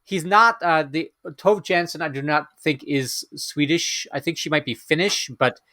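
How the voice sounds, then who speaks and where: Halting man in casual podcast chat. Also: a little high, sharp tone, no echo. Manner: halting, many filler pauses. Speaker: podcast co-host.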